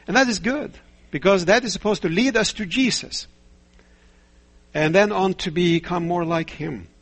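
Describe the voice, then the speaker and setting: A preacher delivers his sermon at a steady, measured pace, often stopping to pose rhetorical questions and tell stories. His voice is slightly high with a husky edge.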